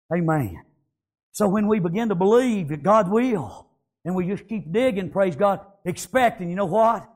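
A male pastor preaching a revival sermon, often breaking into shouts and filling each pause with "praise God" and "amen.". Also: high-pitched.

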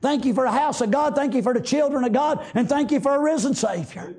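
A preacher, delivering a fervent sermon in a chanting rhythm, often breaking into shouts. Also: male voice, very high-pitched, fast talker.

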